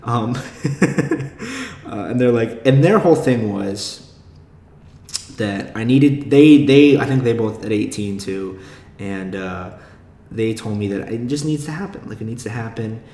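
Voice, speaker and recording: A man's voice: on the low side, a little slow, warm tone. A young man hosting a podcast, talking in a rambling, self-deprecating way with lots of fillers and swearing. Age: young adult. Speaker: podcast host. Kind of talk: casual monologue. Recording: echoey room.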